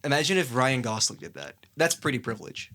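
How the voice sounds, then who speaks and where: A young man co-hosting a podcast, tossing in quick, crude joking asides in casual chat. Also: mid-range voice, sharp tone. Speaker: podcast co-host.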